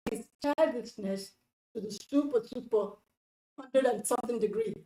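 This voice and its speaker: A woman's voice: sits high, steady tone, moderate pace, warm tone, roomy sound, poor audio. A woman hosting a relationship advice talk, speaking earnestly and directly to the viewer, often repeating herself for emphasis.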